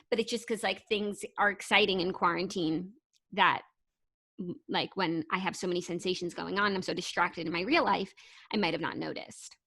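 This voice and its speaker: Young woman co-host, mid-pitch, loose rambling chat with restarts. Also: fairly bright tone. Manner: rambling, self-interrupting, reads stories aloud. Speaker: podcast co-host. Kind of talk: casual chat.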